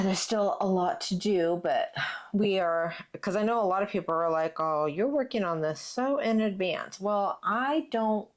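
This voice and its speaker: A woman hosts a relaxed crafting chat on her channel. She talks in a chatty, rambling way, full of ums and likes. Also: mid-range voice. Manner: chatty, plans ahead, lots of fillers. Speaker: channel host. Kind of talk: casual chat while crafting.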